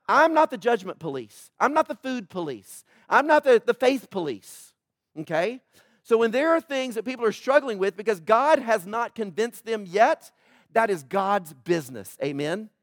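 A male pastor preaching with a lot of humor and animation, acting out the voices from the stories he tells. His voice sits high for a man. The sound is dry and close, with little room echo. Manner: animated, joking, acts out quoted voices. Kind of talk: sermon.

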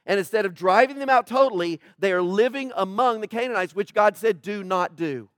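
A pastor with a high voice preaches a sermon conversationally and at a fairly quick pace. He asks the congregation questions and presses his points harder as he goes. The recording is studio quality with no echo.

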